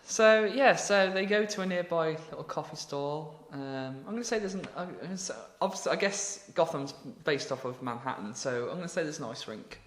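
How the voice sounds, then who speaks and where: A man's voice: on the high side, lively intonation, fairly quick, hardly any pauses, fairly bright tone, roomy sound. An Englishman co-hosting a podcast, improvising a story in a rambling way with many ums and laughs. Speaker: podcast co-host.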